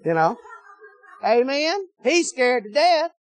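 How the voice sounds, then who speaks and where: Folksy preacher, high voice. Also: male voice, slow. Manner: folksy, animated storytelling, swings from shouting to low tones. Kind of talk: sermon.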